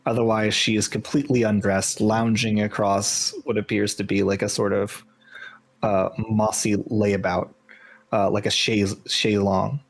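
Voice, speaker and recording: A man's voice: lowish voice, flat delivery, measured pace, slightly rough. A man narrating a tabletop fantasy game as game master, describing scenes with frequent hesitations.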